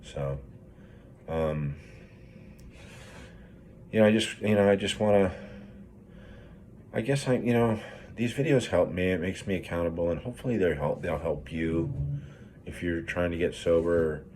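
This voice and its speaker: Middle-aged man, grieving, low deep voice; loose profane vlog ramble, full of fillers. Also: a little slow, pauses often, darkish tone, slight background noise. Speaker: project manager in recovery. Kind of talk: candid personal vlog.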